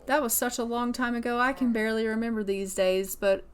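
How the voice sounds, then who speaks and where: A woman voicing a gentle old grandfather. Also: on the high side, fairly even intonation, fairly quick, clear, resonant tone, close to an everyday voice. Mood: fond. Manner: fond, rambling.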